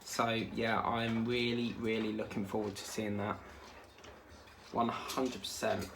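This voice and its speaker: A man's voice: fairly low pitch, completely flat delivery, a little slow, gravelly, background noise. A man, chatting casually as a crafting vlogger while he works, rambling and easily sidetracked.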